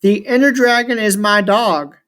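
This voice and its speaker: A man's voice: high-pitched, unhurried, a bit bright, clear, resonant tone. Man reading as a grumbling ancient chaos god. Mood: scornful. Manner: grumbling, contemptuous, grandiose. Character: ancient scornful male chaos god in shulker shell.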